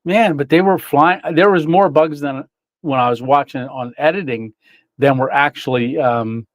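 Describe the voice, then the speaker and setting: A man's voice: mid-range voice, normal speed, no echo. A man hosting a casual livestream, reading chat, greeting viewers by name and laughing often.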